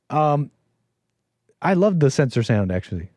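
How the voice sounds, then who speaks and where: A man hosting a talk show, giving sarcastic, mocking commentary on a clip with animated asides. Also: on the high side, moderate pace, pauses often, no room sound. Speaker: show host.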